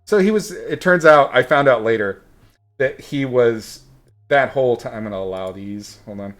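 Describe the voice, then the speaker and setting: A man's voice: mid-range voice, normal speed, fairly bright tone. A man telling a story in a rambling, casual way while he paints, with many fillers and some blunt swearing. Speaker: painting instructor streaming a painting session.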